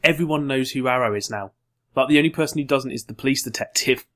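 A man's voice: mid-range voice, fairly bright tone. A man in casual chat, eagerly arguing points and adding details about TV shows. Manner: chatty, quick to argue and add details.

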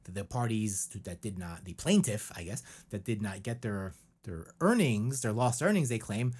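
A man's voice: on the low side, lively intonation, moderate pace, darkish tone, slightly rough. A man co-hosting a podcast, rambling and joking in casual chat, often restarting his sentences. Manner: rambling and jokey, with many restarts. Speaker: podcast co-host.

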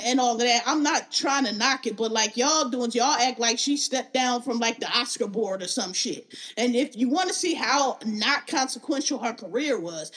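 A woman talks on her podcast with a fairly high voice. She delivers opinions in a blunt, emphatic way, swearing freely as she gets heated. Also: a bit bright. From Philadelphia. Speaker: podcast host.

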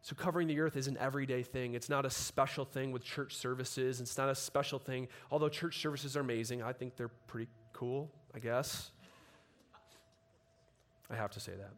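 A man preaching a sermon, telling stories in a relaxed conversational way and building to emphatic passages. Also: mid-range voice, normal speed. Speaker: pastor.

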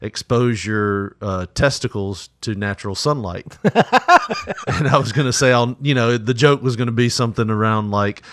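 A man's voice: lowish voice, moderate pace, a bit bright, no echo, studio quality. A man co-hosting a casual podcast, joking crudely, laughing often and rambling through his stories. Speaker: podcast co-host.

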